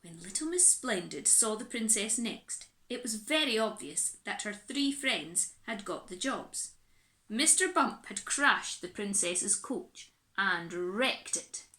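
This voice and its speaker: Lively woman reading a children's story. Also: medium pitch, takes it slowly. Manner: animated, expressive reading. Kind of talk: reading a children's book aloud. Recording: echoey room.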